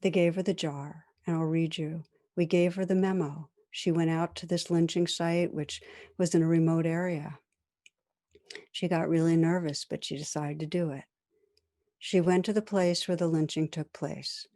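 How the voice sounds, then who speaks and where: A woman meditation teacher giving a dharma talk, telling a story in a calm, measured, gentle way. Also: sits low.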